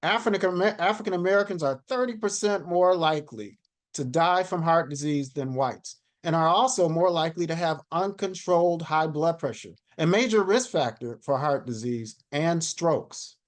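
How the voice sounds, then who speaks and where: A man in his sixties presents over a video call, reading figures off his slides in a steady, measured way. His voice sits a little higher than most men's. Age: 60s. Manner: measured, reads statistics from slides. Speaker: panel speaker.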